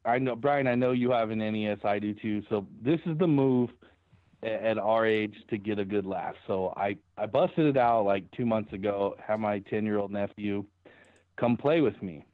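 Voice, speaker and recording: A man's voice: fairly low pitch, normal speed, no room sound. Rambling, laughing man on a tinny line. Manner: laughs often, rambling storyteller. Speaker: podcast co-host. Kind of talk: casual sports podcast chat. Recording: tinny phone-line sound.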